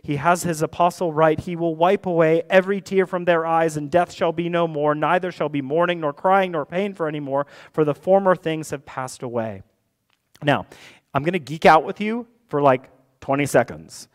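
A man's voice: a little high, normal speed. A man who is a pastor, preaching a conversational sermon with wry asides that builds to impassioned emphasis.

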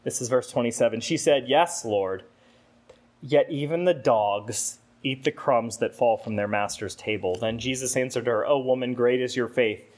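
Male preacher, mid-pitched, sermon storytelling with acted-out asides. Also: normal speed, darkish tone. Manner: storytelling, acts out a talking vase with rising exclamations. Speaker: rector preaching.

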